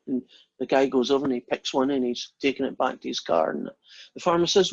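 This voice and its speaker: Husky and a little fast, this mid-range male voice belongs to a lecturer teaching online, who wanders off-topic and jokes between his explanations while taking questions. The audio is dull and lo-fi.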